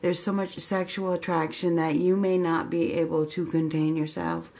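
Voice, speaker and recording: A woman giving a casual tarot reading, chatty and excitable, laughing often and filling pauses with ums. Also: fairly low pitch, vocal fry. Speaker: tarot reader.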